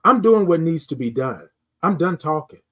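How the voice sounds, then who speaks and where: A man's voice: a little high, expressive, normal speed. A middle-aged man hosting a morning live stream, preaching self-worth in a repetitive, sermon-like way and greeting viewers in the chat. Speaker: host of a morning live show. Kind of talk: motivational live-stream talk.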